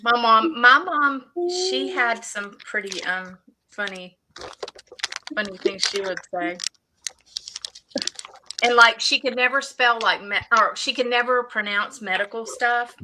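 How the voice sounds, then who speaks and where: A woman's voice: fairly high pitch, measured pace, pauses often, noisy background. A woman, co-hosting a casual chat and laughing often as she tells stories. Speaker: co-host.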